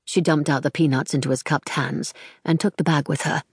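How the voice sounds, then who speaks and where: A woman narrating a story in a measured, even manner. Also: deep voice, breathy edge, no room sound, clean studio sound. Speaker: audiobook narrator. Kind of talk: scripted narration.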